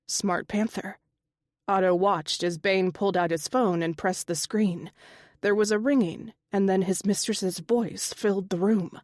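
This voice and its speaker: A woman's voice: medium pitch, unhurried, no room sound. Woman reading an audiobook, dry sound. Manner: even, steady storytelling. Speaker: audiobook narrator. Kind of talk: scripted narration.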